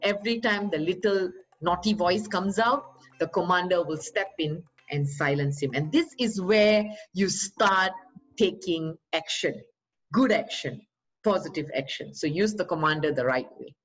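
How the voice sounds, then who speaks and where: Upbeat woman motivational trainer, low pitch. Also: unhurried, faint music behind, low-quality recording. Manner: upbeat, coaxing, rhetorical questions to the audience. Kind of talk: motivational talk.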